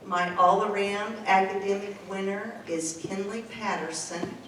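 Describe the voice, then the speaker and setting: Slow list-reading woman in a booming hall. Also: steady tone. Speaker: teacher reading award winners. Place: school gym or hall. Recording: echoey hall, distant mic, room noise.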